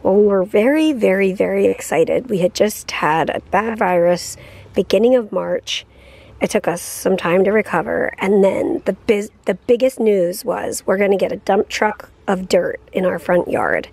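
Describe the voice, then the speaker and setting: A woman's voice: medium pitch, normal speed, creaky, darkish tone. A woman in her thirties chatting casually in a home vlog, laughing easily as she talks. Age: 30s. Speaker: vlogger.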